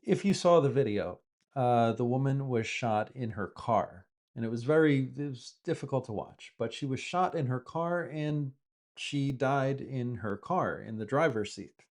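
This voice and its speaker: Slow, patient male English teacher. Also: mid-range voice, expressive, a little mellow. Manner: slow, patient explaining with repeated examples. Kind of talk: explaining vocabulary from the news.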